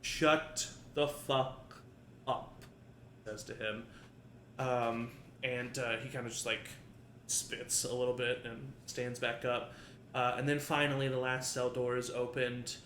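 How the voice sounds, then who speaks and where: A man's voice: medium pitch, level tone, measured pace, fairly bright tone. Man GM narrating a tabletop game, rambling, echoey room, faint hum. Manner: rambling, filler-heavy narration. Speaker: game master. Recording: roomy echo, faint ambience.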